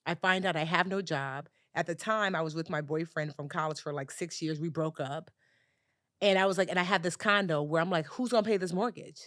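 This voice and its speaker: Woman, 40s, interview guest, animated storyteller, lowish voice, dry close sound. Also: brisk, dry recording. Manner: animated storyteller who acts out other people's voices. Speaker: guest, personal finance educator.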